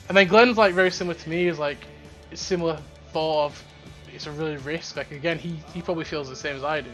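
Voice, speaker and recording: A man's voice: a little high, quick pace. A young man hosting a casual chat, rambling and swearing as he tells stories. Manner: rambling, swears a lot, animated storytelling. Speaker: podcast host. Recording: faint music underneath.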